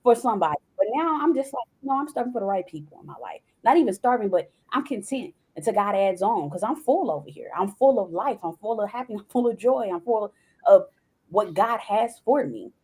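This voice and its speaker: A woman's voice: mid-range voice, animated, a little fast, a little mellow, slightly rough. A woman speaking as a podcast guest in a casual, open interview, acting out past conversations as she talks. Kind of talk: casual candid interview talk.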